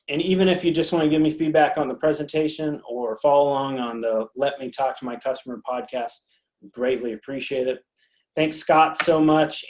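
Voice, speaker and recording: A man gives a recorded sales-training talk in a mid-pitched voice. He coaches his audience, stumbles and repeats words, and often stops to ask "right?". He sometimes acts out quick exchanges between a salesman and a customer. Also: darkish tone. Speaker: sales consultant presenting.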